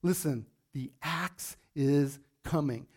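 A male pastor preaching a sermon emphatically, acting out quotes and dropping to a low, intense hush for warnings. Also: takes it slowly, husky. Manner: emphatic, acts out scripture quotes.

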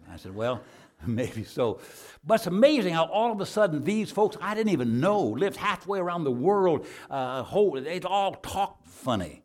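Husky folksy preacher. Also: male voice, fairly high pitch, sing-song, normal speed. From Arizona. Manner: folksy storytelling, drops to soft prayer. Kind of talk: sermon with altar call.

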